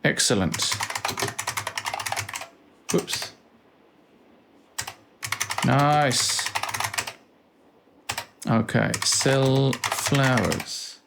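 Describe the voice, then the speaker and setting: A man's voice: medium pitch, drawn-out words, vocal fry, pauses often, background noise. A man hosting a let's play, thinking aloud and reading out game commands with dry asides. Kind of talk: casual gameplay commentary.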